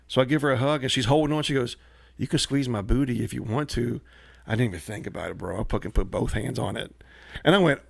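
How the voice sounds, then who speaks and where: A man telling a story on a casual podcast. He acts out quotes with animated swings of voice. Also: medium pitch, fast talker, gravelly, no echo, clean studio sound. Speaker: comedian guest.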